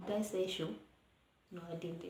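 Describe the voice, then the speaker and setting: A young Kenyan woman vlogging casually from her child's bedroom, chatting and mixing English with Swahili, sometimes hushing her voice so the baby sleeps. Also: on the low side, fairly even intonation, moderate pace. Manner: hushed at times to let baby sleep. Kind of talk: casual storytime vlog. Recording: roomy echo, faint noise.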